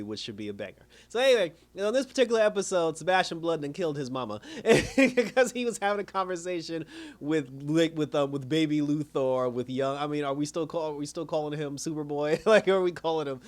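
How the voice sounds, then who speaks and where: A man casually recapping and reviewing a TV episode, chatty and laughing often as he retells scenes. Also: a little high. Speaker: TV show reviewer.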